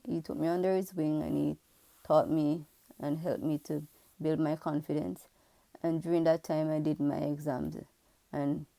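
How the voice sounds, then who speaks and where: A Jamaican woman who works as a pharmacist tells her own story to camera, frank, earnest and reflective. Her voice is low-pitched, gravelly and mellow, with no room sound.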